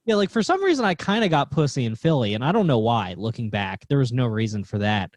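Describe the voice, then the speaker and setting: A man's voice: medium pitch, sing-song, fast talker, no echo. A man who does stand-up comedy, a guest on a podcast, telling wry, self-deprecating stories in casual chat.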